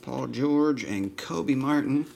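A man giving casual running commentary while opening trading card packs, listing names in a flat run with dry asides. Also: mid-range voice, slow, creaky, slight background noise. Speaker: trading card box breaker.

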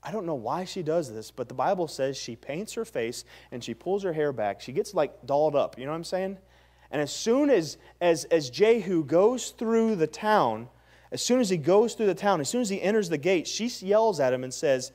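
A man pastor preaching a sermon, retelling scripture in animated, slangy storytelling with stammering restarts. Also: on the high side, normal speed.

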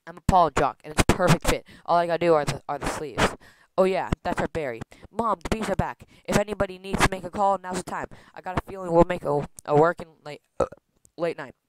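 A man rushing through a comic read-through of a film script, stumbling over words and restarting lines. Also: high voice. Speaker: script reader. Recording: loud background noise with clicks.

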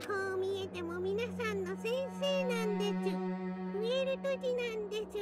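A woman's voice: extremely high pitch, fairly even intonation, fast talker. A woman voicing a sweet, sing-song female rabbit mascot who acts as a teacher in an anime game. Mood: chirpy. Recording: game audio with loud music. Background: game music.

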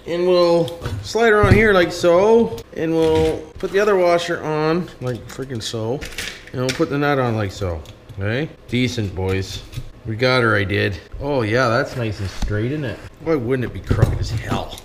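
A man's voice: medium pitch, unhurried, background noise. Cursing Canadian man in an echoey workshop. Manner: chatty, cursing, calls viewers 'boys'. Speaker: vlogger. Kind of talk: casual workshop vlog, talking to viewers.

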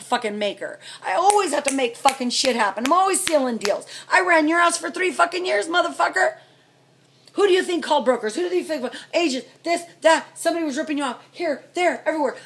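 A middle-aged American woman venting furiously to camera, swearing constantly and swinging between loud outbursts and low, seething mutters. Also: animated, quick pace, slight background noise. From United States. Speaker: vlogger, trucker's wife. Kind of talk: angry venting rant to camera.

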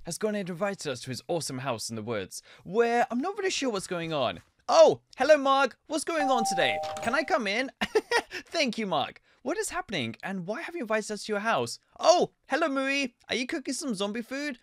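A man's voice: high voice, normal speed, no room sound. Hyper young guy doing game commentary, voice all over the place, laughs a lot, dry close sound. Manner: excitable, laughing, squeals loudly. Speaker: gaming video host.

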